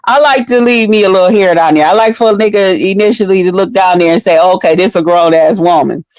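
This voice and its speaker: A mid-range female voice, fast-talking and recorded with no room sound, belongs to an online commentary host addressing her viewers directly. She's blunt, profane, and chatty, offering casual, unfiltered commentary.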